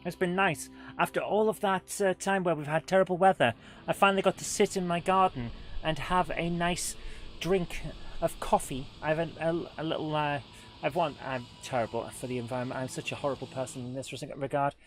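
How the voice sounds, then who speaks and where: A woman's voice: sits low, steady tone, a little fast, soft background music. A woman hosting a live game stream, chatting in a rambling, self-deprecating way while she plays and greets viewers. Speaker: livestream gaming host. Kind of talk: live gameplay commentary with chat.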